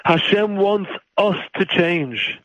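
A man's voice: high voice, animated, takes it slowly, dry recording, dull audio. A man who is a rabbi, delivering an emotional sermon in a pleading, impassioned way that rises to near cries.

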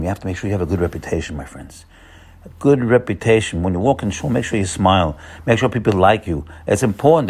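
A man's voice: lowish voice, darkish tone, husky. A man giving an earnest, repetitive Torah sermon as a rabbi, coaxing his listeners and sprinkling in Hebrew terms.

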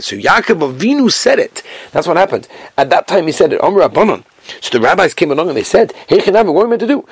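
A man giving a Talmud study lesson, reading the Aramaic text and quickly explaining it in English with many Hebrew terms. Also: mid-range voice, a bit bright, slightly rough, no echo, clean studio sound. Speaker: Talmud teacher.

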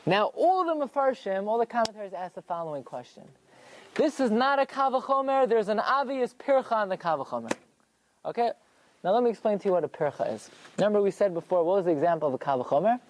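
A man's voice: high-pitched, very animated, fast. A man teaching a Torah lesson in a classroom, working through rhetorical questions and answering them himself.

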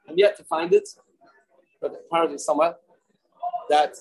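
Storytelling Talmud teacher, fairly high voice. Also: male voice, darkish tone, husky, poor audio. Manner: storytelling, repeats phrases, mixes in Hebrew and Yiddish terms. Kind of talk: daily Talmud class.

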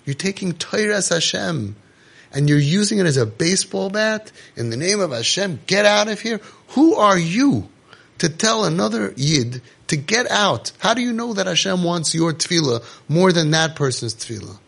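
Gravelly and husky, with a slightly higher pitch and normal pace, this parenting organization speaker preaches in an impassioned monologue. Animated like a passionate preacher, he poses rhetorical questions and sprinkles in Yiddish and Hebrew terms.

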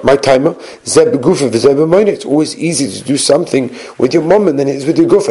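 A man's voice: mid-range voice, gravelly, a little mellow, husky. A man teaching a Talmud lesson, reading the source text and then explaining it, often restarting and hesitating. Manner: reads Hebrew and Aramaic text, then explains it in English.

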